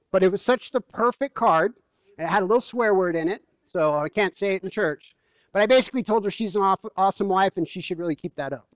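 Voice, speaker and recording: High-voiced, joking male pastor. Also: no room sound. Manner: conversational, humorous storytelling. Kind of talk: sermon. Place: church.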